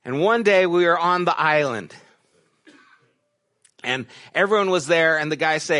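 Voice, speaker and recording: A middle-aged pastor delivers a sermon in a slightly raised, light male voice. He tells stories easily, dropping into quiet asides and then climbing into emphatic, rising questions. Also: on the high side, measured pace, long pauses. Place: church sanctuary.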